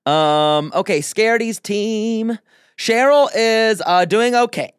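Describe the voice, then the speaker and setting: A woman co-hosting a podcast, chatting casually with quick comic asides. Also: on the high side, clear, resonant tone, dry recording, studio quality. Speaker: podcast co-host. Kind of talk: casual chat.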